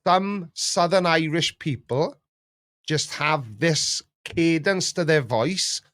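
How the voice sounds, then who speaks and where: A man's voice: slow pace, no room sound, studio quality. Rambling jokey man in casual chat. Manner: rambling and jokey, lively swings in pitch. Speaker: YouTube reaction host.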